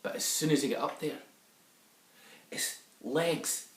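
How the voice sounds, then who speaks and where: A man's voice: a little high, takes it slowly, fairly bright tone. A man with a Scottish accent telling a folk tale to children in a lilting way, slipping into dialect for the characters. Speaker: storyteller. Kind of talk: storytelling for children. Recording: echoey room, a bit far from the mic.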